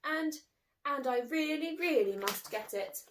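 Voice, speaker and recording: A woman's voice: high-pitched, lively intonation, a little slow, fairly bright tone, a little hiss or hum, voice pushed up. Stubborn little girl pleading, as a woman puts her on. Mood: insistent. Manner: insistent, pleading, repeats herself. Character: small excitable little girl, stubborn book lover. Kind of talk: storybook reading.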